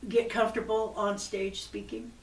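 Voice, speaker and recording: A woman's voice: mid-range voice, expressive, moderate pace. A woman hosting a talk show, an enthusiastic and encouraging interviewer. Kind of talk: casual interview chat. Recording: echoey room, distant mic.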